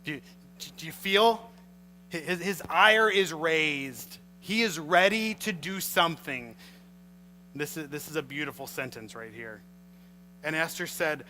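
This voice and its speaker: A male pastor preaching a sermon, reading scripture and retelling it with animated storytelling. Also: fairly high pitch, unhurried, poor audio. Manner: animated storytelling, acts out scenes.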